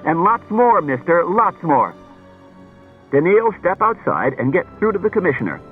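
A man voicing a hard-nosed male police detective who talks brisk and needling, heard through a tinny old radio broadcast. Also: high-pitched, sing-song, soft background music, pitched above the performer's own voice. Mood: commanding.

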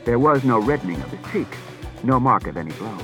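A man's voice: medium pitch, lively intonation, brisk, over music, rough recording. A man giving scripted audiobook narration, reading expressively.

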